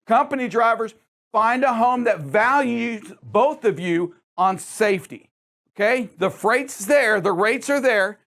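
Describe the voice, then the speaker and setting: Man, high voice, trucking show host, emphatic, repeats words, talks to drivers. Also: lively intonation, unhurried, a bit bright. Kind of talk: trucking safety show talk.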